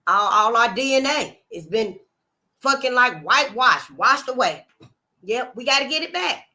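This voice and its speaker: Animated, bright-voiced woman host. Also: a little high, moderate pace. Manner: animated, preachy, swears freely, talks to viewers directly. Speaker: channel host. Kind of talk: casual commentary and reading. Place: hot room at home.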